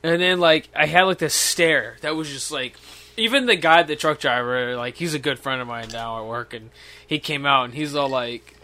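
A man's voice: medium pitch, normal speed, pushed and bright. A man telling a long work story in casual, profane chat, rambling and laughing as he acts out other people's lines.

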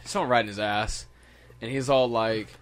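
Young man, casual profane chat, laughing storyteller, mid-pitched voice. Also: steady tone, normal speed, smooth. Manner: laughing, storytelling with acted quotes.

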